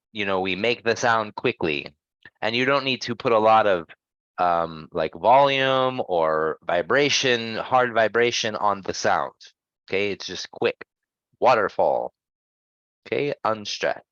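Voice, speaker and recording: A man's voice: medium pitch, fairly bright tone, dry recording, lo-fi sound. A man teaching English pronunciation in a class, speaking patiently and checking in with his students often. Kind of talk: online pronunciation lesson.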